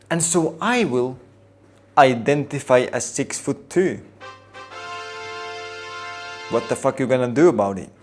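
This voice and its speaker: Slow-talking, profane, mock-outraged man. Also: medium pitch, a little mellow. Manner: mock-outraged, profane, over-the-top ironic delivery. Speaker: vlogger. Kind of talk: comedic rant to camera.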